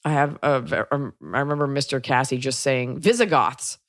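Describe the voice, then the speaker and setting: Woman podcast host, very low pitch, wry rambling chat, blunt asides. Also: moderate pace. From Texas.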